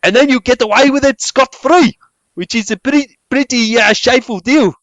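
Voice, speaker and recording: A scolding mother with a thick put-on South African accent, as a man plays her in a comedy podcast. She nags in a crude, exaggerated way, her voice pitched higher than the performer's own. The sound is dry, with no room echo. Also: normal speed, dull audio, close to an everyday voice.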